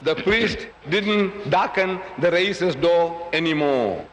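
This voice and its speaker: A man's voice: on the high side, lively intonation, takes it slowly, a bit bright. A man giving a public lecture, telling a story and acting out its voices. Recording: echoey hall.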